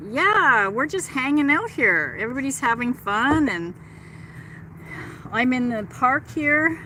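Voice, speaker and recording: A woman's voice: sits high, big pitch swings, measured pace, sharp tone, a little hiss or hum, poor audio. A middle-aged woman hosting a casual livestream from a park, chatting and gushing as she answers her viewers, talking into a phone she holds as she walks. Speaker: livestream host. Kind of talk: casual live chat with viewers. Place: outdoors in a park.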